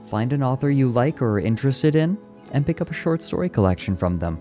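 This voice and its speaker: A man streaming and chatting casually with his viewers, speaking gently and with enthusiasm. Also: lowish voice, lively intonation, a little fast, faint music behind. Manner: gentle, soft-spoken. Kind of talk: casual live-stream chat, answering chat.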